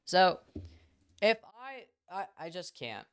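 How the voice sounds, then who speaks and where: A British streamer talking casually to a live audience from a home setup, rambling and chatty with lots of side remarks. The voice is clear and smooth at a middling pitch, and the accent drifts slightly toward whoever is in the conversation. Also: big pitch swings, slow. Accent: British, drifting toward whoever they talk to. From Britain. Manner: rambling, chatty, trailing off into asides.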